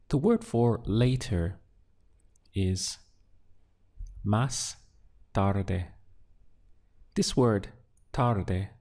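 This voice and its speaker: A man teaching a language lesson, prompting a phrase and then answering it slowly, word by word. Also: on the low side, a little mellow. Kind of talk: slow drill-style language lesson.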